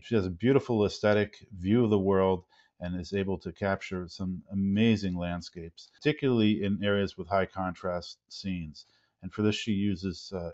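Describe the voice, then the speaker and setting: A man hosting a webinar, reading a formal, measured introduction of a guest. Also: deep voice, a little mellow. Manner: measured, formal, some ums. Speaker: webinar host. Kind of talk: read-out introduction. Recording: dull lo-fi webinar audio.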